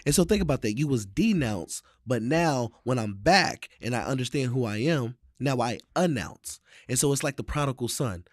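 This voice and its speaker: A man hosting a casual conversation, talking with an animated, preacher-like cadence. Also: medium pitch, moderate pace, few pauses, dry recording, clean studio sound. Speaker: host.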